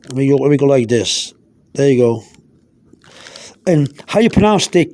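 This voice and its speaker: A man's voice: fairly high pitch, sing-song, normal speed, darkish tone. A man casually showing his study notebook at home, rambling through each step as he does it, filmed on a phone held over the page. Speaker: self-taught language learner. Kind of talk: casual show-and-tell.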